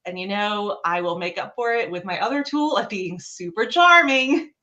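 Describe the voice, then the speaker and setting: Bright-voiced woman in animated chat. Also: normal speed, highs cut off. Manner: animated, acts out her own thoughts in a higher voice. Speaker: guest improviser and behavior analyst. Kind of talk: casual chat.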